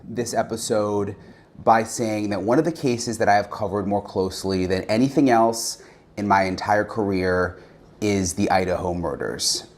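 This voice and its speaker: Earnest male journalist, lowish voice. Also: normal speed. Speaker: journalist, show host. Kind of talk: show introduction.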